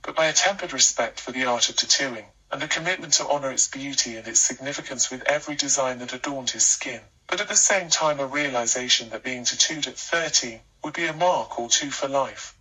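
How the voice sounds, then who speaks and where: A man narrating a scripted life story with a steady, even storytelling delivery. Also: medium pitch, a little fast, few pauses, breathy edge, distant mic, low-quality recording.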